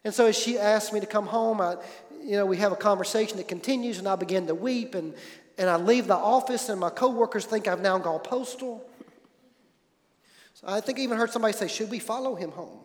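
Male pastor with a high voice, storytelling sermon, shifts loud to hushed, echoey hall. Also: fairly quick.

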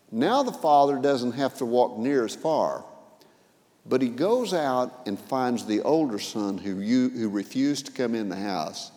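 A man preaching a sermon, retelling a parable with vivid acted-out quotes that swing between loud and soft. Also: medium pitch, long reverb tail. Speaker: pastor. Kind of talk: sermon storytelling.

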